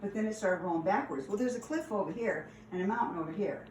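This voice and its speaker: A woman telling stories from her past in a casual, animated way, laughing and acting out the lines. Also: mid-range voice, quick pace, slight background noise. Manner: animated, laughing, acts out quotes. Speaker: storyteller. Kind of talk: casual storytelling. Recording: echoey room, distant mic.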